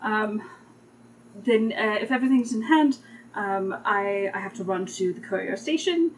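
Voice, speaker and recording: A woman's voice: mid-range voice, expressive, unhurried. Lady player, polite and kinda hesitant, a bit far from the mic, faint hiss. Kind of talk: in-character tabletop play.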